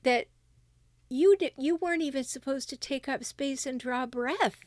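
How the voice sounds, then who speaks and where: A woman's voice: high-pitched, steady tone, unhurried, no room sound. A middle-aged woman hosting a livestream with relationship advice, speaking emphatically and reading viewer comments aloud.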